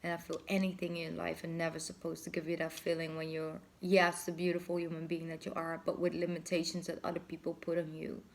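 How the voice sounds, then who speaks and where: A woman's voice: on the low side, completely flat delivery, fairly quick, creaky, few pauses. Effusive woman giving a tarot reading. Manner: effusive, laughs often, thinks aloud with restarts. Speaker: tarot reader. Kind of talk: casual tarot reading monologue.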